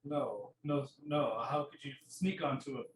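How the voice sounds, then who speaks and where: A man's voice: mid-range voice, a little slow, reverberant, far from the mic, slight background noise, poor audio. A man playing a polite, hesitant passenger in a tabletop game, with stammered restarts. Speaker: player. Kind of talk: in-character roleplay.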